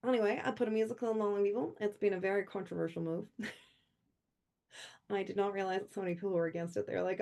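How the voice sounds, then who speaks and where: Woman author, gravelly fry, loose rambling chat full of laughs. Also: mid-range voice, brisk. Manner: rambling, laughs often between thoughts. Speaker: author speaking at a convention livestream. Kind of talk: chatty informal talk before a reading.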